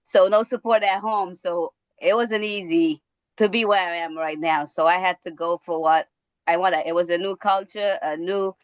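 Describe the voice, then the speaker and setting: A woman's voice: fairly low pitch, steady tone, normal speed, dry recording, rough recording. A woman from Verde, a teacher talking earnestly on a podcast and laughing between phrases. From Cape Verde. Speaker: teacher and guest.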